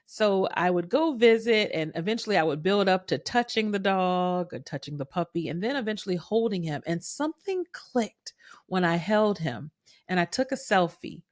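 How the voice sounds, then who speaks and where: A woman hosting a podcast, telling a personal story in a chatty, animated way and acting out the quoted voices. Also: mid-range voice, moderate pace, no room sound, clean studio sound. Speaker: podcast host.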